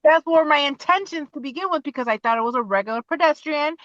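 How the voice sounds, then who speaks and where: A woman in her forties, a podcast guest talking from her car, telling her own story in an animated way and acting out what she said. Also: high voice, fast, no room sound, highs cut off.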